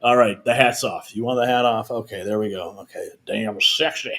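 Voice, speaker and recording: A man hosting a live political news stream, reading out viewer donations and messages in a chatty, energetic manner. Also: lowish voice. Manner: energetic, chatty, reads viewer messages aloud with quick asides.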